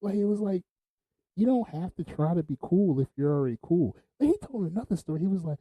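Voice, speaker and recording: A man's voice: high-pitched, expressive, quick pace, warm tone, breathy edge, no echo, rough recording. A man hosting a podcast, telling laid-back stories, laughing often and swearing freely. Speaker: podcast host. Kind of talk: casual storytelling.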